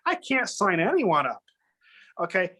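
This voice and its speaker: A man telling a long personal story in casual chat, animated and acting out other people's lines in raised voices. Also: high voice, a little slow. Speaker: guest.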